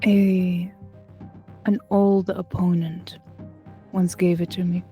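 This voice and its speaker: A woman voicing a calm, guarded vampire elder in a tabletop game, speaking in a slow, measured, flat way. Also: on the low side, faint music behind.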